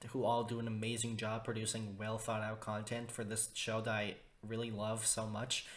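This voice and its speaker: A man's voice: lowish voice, fairly bright tone. Rambling young man ranting in disgust. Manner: rambling, exaggerated disgust, many fillers and restarts. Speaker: video reviewer. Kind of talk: casual opinion review.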